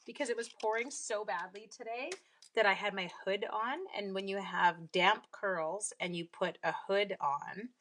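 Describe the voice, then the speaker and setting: A young woman from Canada, speaking at a moderate pace in a mid-range, slightly bright voice, casually demonstrates card making on a live craft stream. She rambles and reads viewer comments aloud, and a recurring cough keeps coming back in bouts.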